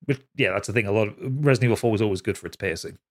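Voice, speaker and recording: A man hosting a podcast, chatting casually, laughing often and reading listener messages in an animated way. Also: very fast. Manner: lively, laughs often, jumps high when reading quotes. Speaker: podcast host.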